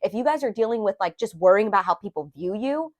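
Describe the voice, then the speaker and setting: A tarot reader with a medium-pitched, animated voice talks fast as she gives a casual spoken reading. She rambles and confides, full of fillers and restarts, and gets openly emotional about her own feelings.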